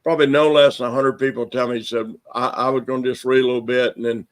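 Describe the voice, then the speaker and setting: Folksy Southern minister hosting. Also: male voice, mid-range voice, little pitch movement, fast talker. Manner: folksy, joking, announcing. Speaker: minister and host. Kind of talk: casual chat.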